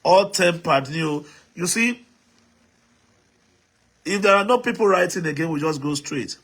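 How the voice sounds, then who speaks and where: A man's voice: fairly high pitch, lively intonation, a little slow, fairly bright tone, breathy edge. A Nigerian man hosting a live stream, reading out viewer comments and urging the audience to write in, switching between English, Pidgin and Yoruba.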